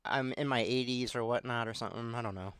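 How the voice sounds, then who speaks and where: A man's voice: mid-range voice, steady tone, fast talker, a bit bright, clean tone, dry recording, clean studio sound. A man hosting a podcast in casual chat, rambling and self-deprecating, with lots of fillers. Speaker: podcast host.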